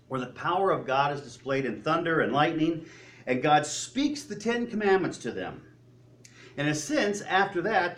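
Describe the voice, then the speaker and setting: A man preaching a sermon, telling stories with joking asides and animated retellings. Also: on the high side. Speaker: pastor.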